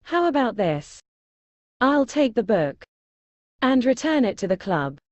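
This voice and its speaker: Sassy scheming mom from a tv drama, kinda high voice, bouncy, takes her time, dry sound. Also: big pitch swings, measured pace, no room sound, highs cut off. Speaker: mother. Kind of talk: TV drama acting.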